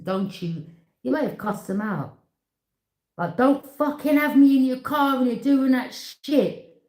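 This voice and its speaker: A woman reads tarot cards in a casual, blunt way, stressing her words and repeating herself as she speaks straight to the viewer. Her voice sits fairly low. The room gives back a clear echo. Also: warm tone. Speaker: tarot reader. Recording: echoey room.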